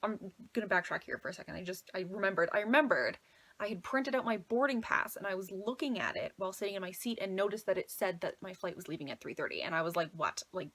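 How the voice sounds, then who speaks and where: Young woman, twenties, breathy, chatty casual storytelling, lots of "like". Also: on the low side, fairly bright tone. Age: 20s. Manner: chatty, fills talk with "like", anxious retelling. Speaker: travel vlogger.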